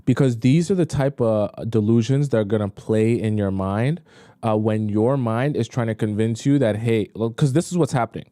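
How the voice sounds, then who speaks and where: Brief: young male dating coach, mellow low voice, dry close sound, blunt livestream talk. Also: normal speed, no room sound. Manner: blunt, talks straight to women viewers. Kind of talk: livestream commentary.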